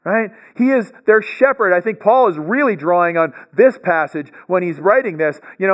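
A man's voice: sits high, lively intonation, normal speed, hardly any pauses, a bit bright, lo-fi sound. A man giving a bible lecture, explaining step by step and often checking in with "right?". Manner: explanatory, frequent "right?" check-ins and restarts. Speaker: bible teacher.

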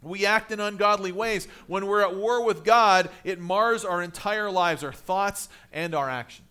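A man with a high, bright voice preaching to his congregation. He talks in a conversational way, pressing his points with force and then letting his voice fall low and soft. His pitch sits well above most men's. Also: unhurried, clean tone. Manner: conversational preaching, rising emphatic then dropping low and quiet. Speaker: pastor. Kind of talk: sermon.

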